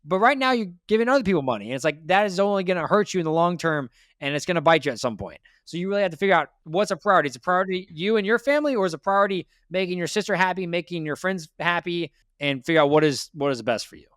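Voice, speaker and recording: A man's voice: high voice, expressive, fast talker, a bit bright, no echo, studio quality. A man hosting a debt interview, giving blunt, lecturing advice and repeating his points. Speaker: financial advice host. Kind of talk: direct money coaching.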